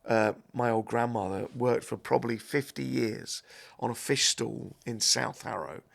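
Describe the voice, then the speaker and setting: Gravelly middle-aged man, rambling casual podcast chat, self-deprecating. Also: mid-range voice, unhurried. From South East London. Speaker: podcast guest, comedic actor.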